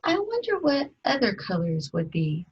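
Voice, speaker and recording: A woman teaching a children's music lesson, gently asking questions and singing short phrases and rhythm syllables. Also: fairly high pitch, huge pitch swings, moderate pace, husky, dull audio.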